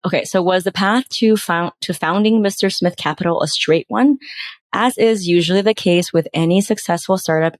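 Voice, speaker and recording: A woman podcast host reading out bad pitches and critiquing them with exasperated, sarcastic commentary. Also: no room sound.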